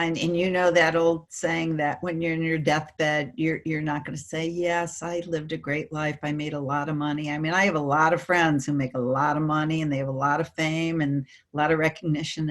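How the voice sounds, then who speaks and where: Middle-aged woman, guest on an interview, lower voice, storytelling with feeling, acts out the voices of the people in her story. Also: moderate pace. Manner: emotional, animated storytelling with quoted voices. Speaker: guest speaker.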